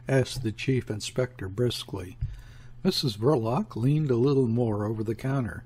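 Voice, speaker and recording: Husky guy narrating an old novel, steady and unhurried, mid-pitched. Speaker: audiobook narrator. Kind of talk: measured literary narration.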